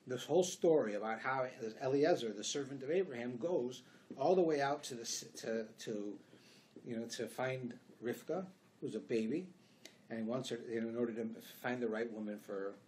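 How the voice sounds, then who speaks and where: Animated Canadian rabbi teaching a class. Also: male voice, medium pitch. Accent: Canadian English. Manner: conversational, animated storytelling with acted-out dialogue. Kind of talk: Torah class lecture. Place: synagogue classroom.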